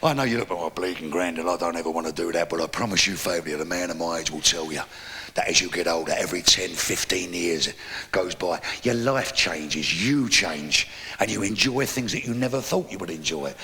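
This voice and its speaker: An older man with a London accent doing a brash, swearing stand-up routine, telling jokes in an animated way. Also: sits low, a little fast, vocal fry. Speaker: stand-up comedian. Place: live venue with audience. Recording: live hall recording with audience.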